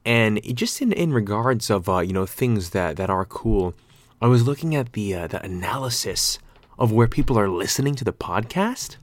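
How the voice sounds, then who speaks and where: A man's voice: fairly low pitch, expressive, moderate pace, no echo. A man in his twenties hosting his own podcast alone, rambling and joking, with casual swearing. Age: 20s. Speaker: podcast host. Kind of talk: solo podcast chat.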